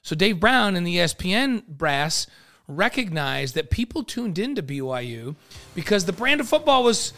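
A man's voice: high-pitched, very animated, moderate pace, fairly bright tone, faint music behind. A man from New York co-hosting a casual sports podcast, talking in a loose way full of restarts and repeated words. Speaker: podcast co-host.

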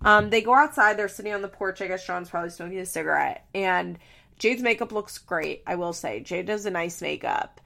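A woman's voice: fairly low pitch, lively intonation, brisk, vocal fry, sharp tone. A woman hosting a podcast, recapping in casual, chatty talk with profanity and sarcastic asides. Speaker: podcast host.

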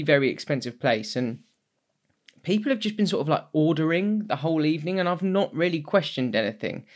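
Chatty man telling stories, laughing. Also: fairly high pitch. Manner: chatty anecdotal storytelling, laughs often. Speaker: podcast co-host. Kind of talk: casual chat.

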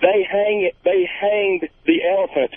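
A man's voice: high-pitched, fairly even intonation, unhurried, no room sound. Man calling in from Tennessee on a tinny phone line. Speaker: caller. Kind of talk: phone-in call.

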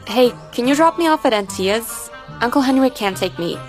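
A woman voicing a frightened teenage girlfriend on the run who speaks in a shaky, nervous way, with soft music behind. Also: fairly high pitch, expressive, moderate pace, natural voice.

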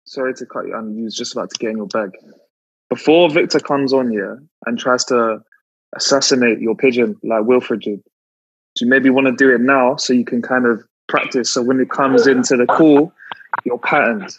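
A man's voice: mid-range voice, normal speed, slightly rough, dry recording, lo-fi sound. A man co-hosting a podcast, joking in slang-heavy banter. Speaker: podcast co-host. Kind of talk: casual chat.

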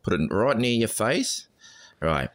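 Deep caller, fumbles his punchlines, dry recording. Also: big pitch swings, measured pace, no echo. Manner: stumbling, loses his way mid-joke. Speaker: listener sending in a voice message. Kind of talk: quick dirty jokes.

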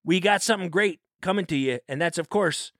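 A man co-hosting a casual comedy podcast, animated and joking, swearing freely as he riffs on news stories. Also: high-pitched, a little fast. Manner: animated, swears freely, slips into silly accents for bits. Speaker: podcast co-host.

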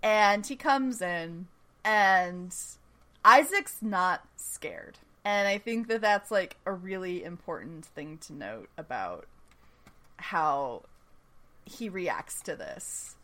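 Speaking slowly in a lowish, expressive voice with a slightly bright quality, this woman recaps a TV episode on her podcast. It's a casual, filler-heavy chat, full of enthusiasm and laughs.

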